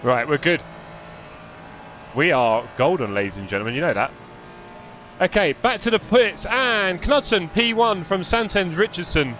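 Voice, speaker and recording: A man's voice: high-pitched, animated, moderate pace, pauses often, fairly bright tone, slight background noise. A man, live-streaming a sim race with chatty, jokey commentary and muttering while he adjusts his car setup.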